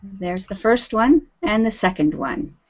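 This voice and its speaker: A woman with a medium-pitched voice and lively intonation speaks a little slowly. She teaches an online English group lesson, patient and encouraging, calling on students by name, heard through dull, lo-fi video call audio.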